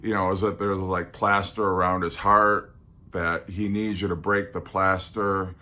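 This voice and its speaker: A man's voice: deep voice, flat delivery, a little slow, sharp tone. A man hosting his own podcast, talking through a countdown list in a musing, hesitant, earnest way full of ums and restarts. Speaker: podcast host. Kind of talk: casual solo podcast countdown.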